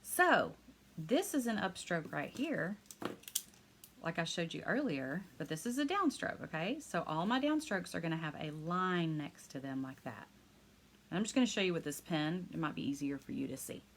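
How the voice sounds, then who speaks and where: A woman teaching a live hand-lettering class online. She talks fast and excitedly, chatty and encouraging, and laughs often. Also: low voice, slight background noise. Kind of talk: live online craft lesson.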